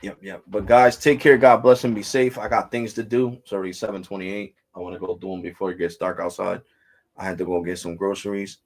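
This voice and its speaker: A man's voice: sits low, little pitch movement, fairly quick. A man hosting a tech vlog, ranting casually and bluntly to viewers in slang. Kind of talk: casual rant to camera.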